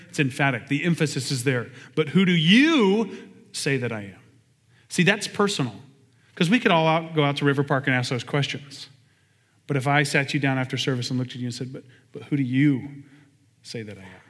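Male pastor, somewhat high voice, lively conversational sermon, long hall reverb. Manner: energetic, conversational preaching with quick asides. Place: church sanctuary.

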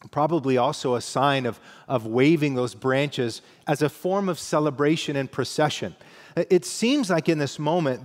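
A man's voice: medium pitch, long reverb tail. A man preaching a sermon as pastor, teaching in a conversational way and reading scripture aloud with emphasis.

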